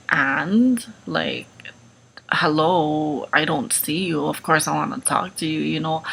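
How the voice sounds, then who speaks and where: A woman's voice: sits low, vocal fry, sharp tone, a little hiss or hum, rough recording. A young woman vlogging casually, chatty and full of "like" and "um" while she tells a personal story. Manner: chatty, lots of "like" and "um". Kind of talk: casual advice vlog storytelling.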